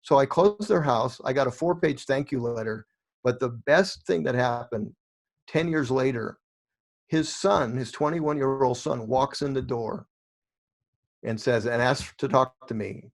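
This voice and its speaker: Middle-aged man telling lively stories. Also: mid-range voice, measured pace, creaky. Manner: animated storyteller acting out quoted dialogue. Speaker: guest, real estate investor. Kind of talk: storytelling interview answers.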